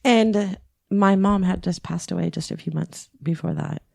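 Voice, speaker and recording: A middle-aged woman co-hosts a podcast of casual chat, telling stories emotionally and candidly while swearing freely. Her fairly low voice has vocal fry and a slightly mellow quality at a moderate pace. The sound is clean studio audio with no echo.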